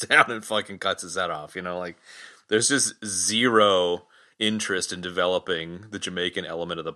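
A man's voice: deep voice, pushed and bright. A man co-hosting a podcast, joking and going off on playful tangents in casual movie chat. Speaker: podcast co-host.

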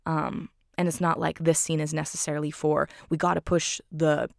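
A woman's voice: deep voice, little pitch movement, moderate pace, vocal fry, darkish tone, no room sound, clean studio sound. A woman recapping a film in a casual, enthusiastic way, full of fillers and "like".

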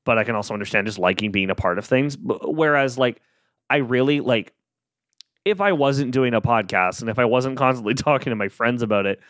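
A man's voice: medium pitch, fairly quick, fairly bright tone, dry recording, clean studio sound. Rambling man hosting a solo podcast. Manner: rambling, self-amused, frequent fillers. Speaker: podcast host. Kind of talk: casual solo podcast talk.

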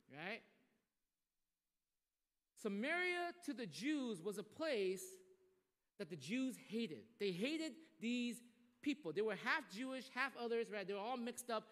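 A man preaching a sermon to a congregation, animated and acting out the people he quotes. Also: high voice. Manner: animated, acts out quoted voices. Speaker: pastor. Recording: long hall reverb.

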